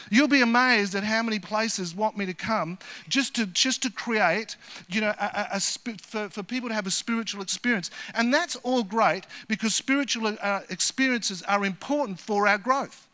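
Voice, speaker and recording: A man in his fifties preaching a sermon at a church, moving between loud rallying calls to the congregation and quiet, personal storytelling. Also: high voice. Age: 50s. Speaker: guest preacher.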